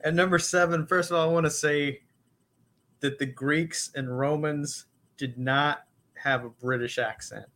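A man with a somewhat high voice co-hosts a podcast, answering in a dry, teasing way. He slips into silly put-on voices as a joke. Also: steady tone, measured pace, sharp tone. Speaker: podcast co-host. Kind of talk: casual comedic chat.

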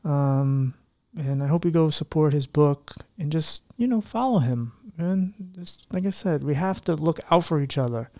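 A man's voice: fairly high pitch, lively intonation, moderate pace, mellow. A man hosting a podcast in casual chat, talking in an earnest, heartfelt, rambling way. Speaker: podcast host.

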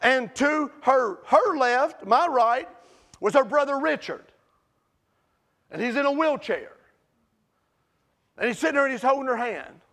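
A preacher man with a strikingly high, gravelly voice tells a story from the pulpit, his delivery animated and swelling into shouts at its peaks. The sermon style is lively and conversational. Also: measured pace, pauses often. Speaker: pastor.

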